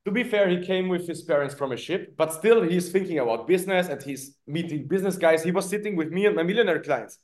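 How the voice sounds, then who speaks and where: A man's voice: high voice, expressive, fast talker, few pauses. A man, a fight coach guest on a podcast, speaking in a blunt, motivational way with short, firm statements. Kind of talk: casual podcast conversation.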